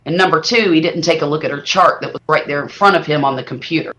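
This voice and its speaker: A middle-aged woman, hosting a live stream and telling stories in a lively, exaggerating way. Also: low-pitched, fast talker. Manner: animated, exaggerating storyteller. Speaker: livestream host. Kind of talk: casual storytelling chat.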